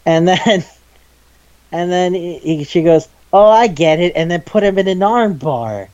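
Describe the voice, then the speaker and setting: Man, casual podcast chat, animated, mellow dark voice, dull lo-fi sound. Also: sits high, measured pace. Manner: animated, acts out scenes with quoted lines, swears freely. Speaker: podcast co-host. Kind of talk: casual chat about manga.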